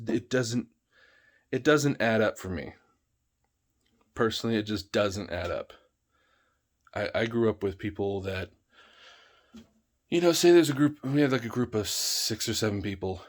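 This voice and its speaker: A man's voice: lowish voice, normal speed, pauses often. Heated, cursing man ranting. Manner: heated, profane, emphatic. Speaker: vlogger. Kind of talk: ranting vlog.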